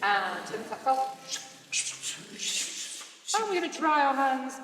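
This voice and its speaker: A woman leading a choral workshop, guiding a group through playful vocal warm-ups with encouragement and sudden leaps in pitch. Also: sing-song, slow pace, noisy background. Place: large hall with a group. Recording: echoey hall from far off.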